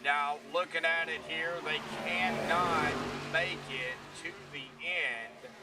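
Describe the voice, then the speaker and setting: A man's voice: on the high side, steady tone, takes it slowly. A man doing laid-back sim racing play-by-play commentary, with self-deprecating banter between calls. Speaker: race commentator. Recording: distant mic with clear background noise.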